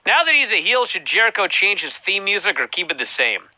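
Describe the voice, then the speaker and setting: A man hosting a casual podcast chat, telling stories in an animated, profane way. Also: high voice, fairly quick, no room sound, rough recording. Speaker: podcast host.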